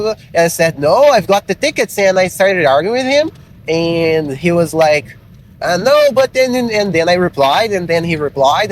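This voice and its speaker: Man, English teacher, talks straight and a bit crude, slightly high voice, faint traffic hum behind. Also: poor audio. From Brazil. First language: Portuguese. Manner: frank and blunt, swears casually, many fillers. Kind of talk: casual motivational talk to learners.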